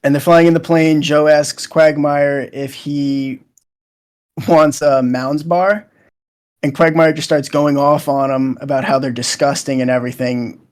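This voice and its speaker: A man's voice: fairly high pitch, level tone, measured pace, a little mellow. A young man chatting casually as a co-host, retelling scenes in a loose, rambling way with lots of fillers. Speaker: show co-host.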